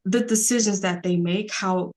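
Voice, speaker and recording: A woman's voice: mid-range voice, moderate pace, darkish tone. A woman, a podcast guest talking earnestly in a rambling casual way, with many fillers.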